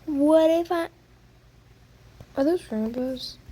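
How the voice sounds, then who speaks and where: A woman's voice: sits high, takes it slowly, warm tone, poor audio. A woman giving casual gameplay commentary, playfully whiny and fake crying over bad loot. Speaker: gaming video creator.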